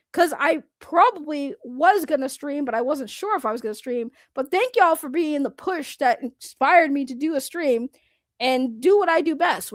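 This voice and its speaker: A woman from Boston ranting on a live stream, loud, blunt and sarcastic, laughing often. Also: sits high, no echo. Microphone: computer microphone.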